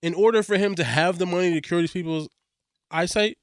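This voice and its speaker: A man with a slightly raised pitch talks loosely on a podcast, circling back and restarting his thoughts, swearing as he goes. His voice is close and dry, with no room sound around it. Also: brisk, no room sound. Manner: rambling, frequent restarts, heavy swearing. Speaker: podcast co-host. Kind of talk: casual podcast chat.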